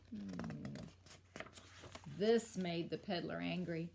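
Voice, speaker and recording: A woman teacher reading a picture book aloud to children, with expressive storytelling and little asides. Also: on the high side, measured pace, vocal fry. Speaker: elementary school teacher.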